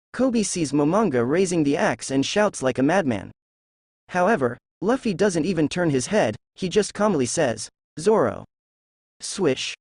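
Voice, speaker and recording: Lively man reading a story. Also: fairly high pitch, no room sound, studio quality. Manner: steady reading, reads characters' lines in the same voice. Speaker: narrator. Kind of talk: reading a fan novel aloud.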